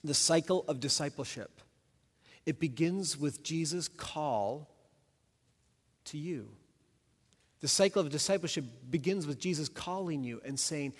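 A senior pastor giving a sermon with an emphatic, repetitive preaching cadence. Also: male voice, fairly high pitch, measured pace, husky. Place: church sanctuary. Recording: long church reverb.

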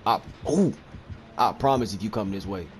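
Excitable young man trash-talking over gameplay. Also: on the low side, faint music behind. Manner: excitable trash talk, rapid repeated phrases. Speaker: gaming video creator. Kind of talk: live gameplay commentary. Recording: steady clear background noise.

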